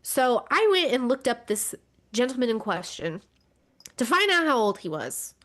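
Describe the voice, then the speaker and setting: A woman's voice: on the high side, very animated, normal speed, a bit bright. A woman co-hosting a motorsports podcast, talking through racing news in a wry, exasperated way and swearing casually. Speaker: podcast co-host.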